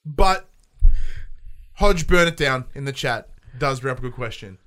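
An Australian man hosting a podcast from a home studio, telling stories in a casual, animated way and swearing freely. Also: medium pitch, unhurried. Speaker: podcast host. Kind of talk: casual chat. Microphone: headphones and studio mic.

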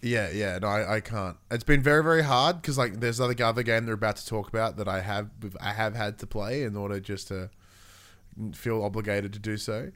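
Animated man hosting a gaming chat. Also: on the low side. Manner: animated, swearing, fast asides. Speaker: gaming podcast host. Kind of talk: casual chat.

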